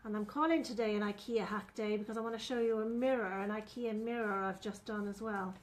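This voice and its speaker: A woman's voice: mid-range voice, fairly even intonation, a little fast. A woman, chatting through a live furniture painting demonstration and talking to viewers as she works. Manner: chatty, talks viewers through each step.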